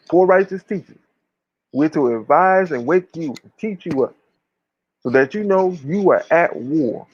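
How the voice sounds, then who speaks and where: A man's voice: fairly high pitch, no echo. Fiery, preachy man, dull recording. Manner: emphatic, preachy, profane, uses slang. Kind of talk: impassioned casual talk.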